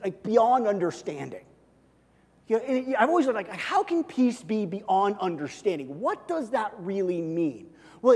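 A man preaching a sermon in a lively, animated way, now and then acting out imagined lines. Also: high voice, big-room sound. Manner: animated preaching, acts out God's voice in asides. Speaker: pastor.

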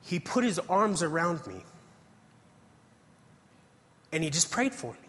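A man's voice: on the high side, sing-song, takes it slowly, fairly bright tone. Earnest male preacher in a reverberant hall. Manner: earnest storytelling, reads scripture aloud. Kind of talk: testimony sermon.

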